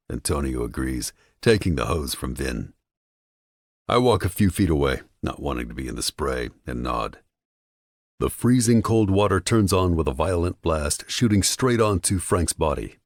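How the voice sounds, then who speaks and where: A man narrating a first-person audiobook with a dark, menacing delivery, recorded on a close studio mic. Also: very deep voice, no room sound.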